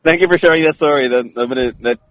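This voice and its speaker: A man's voice: a little high, fairly quick, fairly bright tone, highs cut off. A man hosting a casual chat, joking and laughing easily. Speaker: host.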